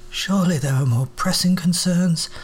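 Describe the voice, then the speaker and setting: A man voicing a polished, formal gentleman who steps in to keep order in a radio-style drama. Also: sits high, moderate pace, husky, pitched above the performer's own voice. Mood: courteous. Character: urbane, impatient male gentleman mediator.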